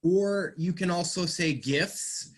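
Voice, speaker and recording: A man teaching English, explaining slowly and patiently, stressing words. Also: high-pitched. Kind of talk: online class teaching.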